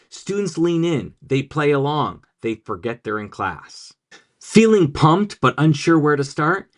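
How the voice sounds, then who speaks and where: Lively, jokey male teaching coach. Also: mid-range voice. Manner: upbeat, jokey, punchy delivery. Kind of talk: scripted educational explainer.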